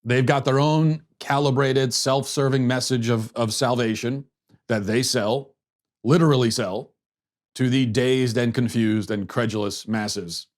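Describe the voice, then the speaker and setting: A man's voice: medium pitch, fairly even intonation, measured pace. Sarcastic male political commentary host. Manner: sarcastic, mocking, with frequent restarts.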